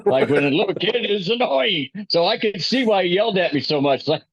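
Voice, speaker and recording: Casting: podcast co-host, high-ish voice, relaxed, dry dull mic. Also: male voice, fairly quick, slightly rough, no room sound. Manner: laid-back, says "man" a lot. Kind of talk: casual chat.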